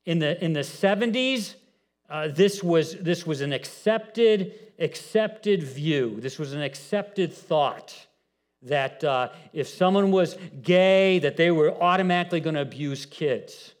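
A middle-aged male pastor delivers a conversational sermon at a slightly slow pace. He often repeats words, and his pitch rises whenever he drives a point home.

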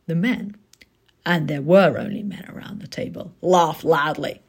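A woman giving a spoken book review in a thoughtful, conversational way, with soft muttered asides. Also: low voice, a little slow, breathy edge.

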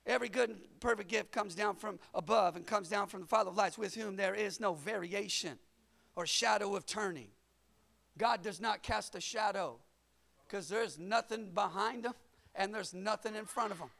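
A man preaching a lively sermon, shouting at the peaks and calling on the congregation to answer back. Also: high voice, moderate pace, vocal fry. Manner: energetic, shouting at peaks, call-and-response. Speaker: pastor.

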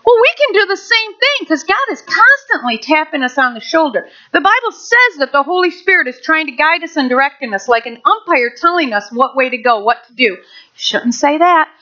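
A woman pastor delivers a sermon in a high, bright, forceful voice. She teaches with lively energy and acts out everyday moments along the way. The recording sounds dull and lo-fi. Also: a little fast, few pauses. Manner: lively, animated storytelling with acted-out quotes.

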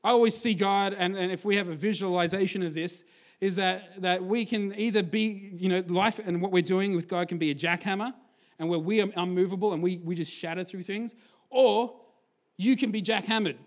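A man preaching a lively sermon, telling stories with energy and acting out quotes before settling into a quieter appeal. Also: sits high, normal speed. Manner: energetic storyteller, acts out quotes, drops to a hushed close.

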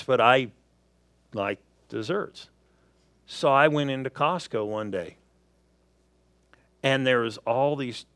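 A man's voice: medium pitch, dry recording. A man preaching a sermon, telling everyday stories and acting out little asides to make his points. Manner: animated storytelling with acted asides.

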